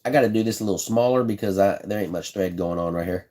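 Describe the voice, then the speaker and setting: A man's voice: on the low side, fast, mellow. A man hosting a live stream, casually showing how he builds fishing rods. He talks in a folksy, chatty way, repeats himself, and answers viewers in the chat. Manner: laid-back, folksy phrasing.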